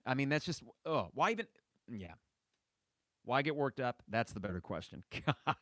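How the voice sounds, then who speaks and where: A man's voice: medium pitch, big pitch swings, normal speed, a bit bright, no echo. A man in his thirties hosting a sports fan podcast, commenting in an impassioned, exasperated rant. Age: 30s. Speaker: podcast host.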